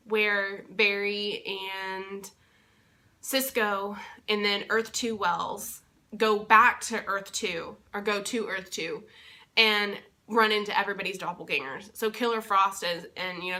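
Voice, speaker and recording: A woman's voice: mid-range voice, bright, forceful tone. A young woman from Texas casually recapping a convention weekend in a vlog, enthusiastic and rambling with plenty of fillers and restarts. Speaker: vlogger and convention interpreter.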